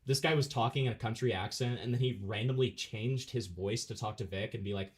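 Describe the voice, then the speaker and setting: A man's voice: mid-range voice, a little fast. A man hosting a casual stream, chatting with friends and rambling through his stories with restarts. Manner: rambling, self-interrupting storyteller. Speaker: streamer host.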